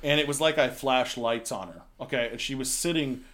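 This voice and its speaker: A man's voice: medium pitch, brisk. A man telling crude, laughing stories in a casual chat. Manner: animated, laughing, crude storyteller.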